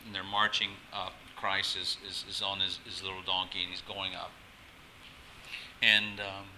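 Male pastor, lower register, crisp bright tone, lively sermon with a faint hum behind. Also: poor audio. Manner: animated, coaxing the congregation to join in. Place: church service with congregation.

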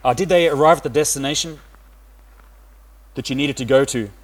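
A middle-aged man from Australia giving a sermon, pausing often with "uh" fillers. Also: mid-range voice. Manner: hesitant, many "uh" fillers. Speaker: preacher.

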